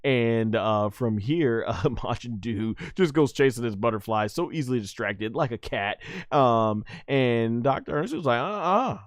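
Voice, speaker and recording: A man recapping and reviewing an anime episode in a casual, animated way, laughing often and full of fillers and restarts. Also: medium pitch, unhurried, few pauses, no room sound, clean studio sound.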